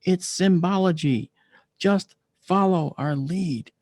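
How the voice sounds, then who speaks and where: A man's voice: medium pitch, expressive, a little fast, vocal fry, darkish tone, dry recording, clean studio sound. A man quoting a firm young male guide. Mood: insistent.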